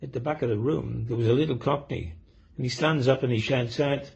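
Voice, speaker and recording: A man's voice: medium pitch, fairly quick, gravelly, darkish tone, husky. A man telling comic anecdotes and reading a short poem, with a rambling delivery full of ums and uhs. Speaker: comedian and poet. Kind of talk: joke telling and poetry reading. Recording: dull lo-fi recording.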